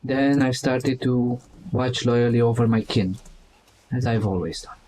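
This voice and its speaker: A loyal hound spirit turned celestial being speaks slowly and gravely, voiced by a man at a tabletop game. His voice is dark and mellow, unhurried and mournful, with faint room ambience behind it. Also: medium pitch, a little hiss or hum, lightly acted, low-quality recording. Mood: solemn. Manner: slow, solemn, mournful. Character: ascended giant hound spirit, loyal, solemn.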